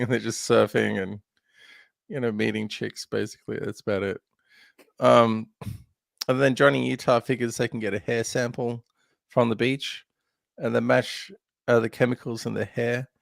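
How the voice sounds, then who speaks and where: A man's voice: mid-range voice, flat delivery, moderate pace, gravelly, no echo, studio quality. A man hosting a podcast, chatting casually about a film with lots of laughs and fillers. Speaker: podcast host.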